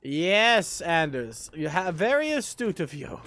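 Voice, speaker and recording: A man's voice: fairly high pitch, big pitch swings, slow pace, few pauses, fairly bright tone, faint music behind. A young man streaming a game live, joking about himself and chatting with his viewers. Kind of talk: live gameplay chat.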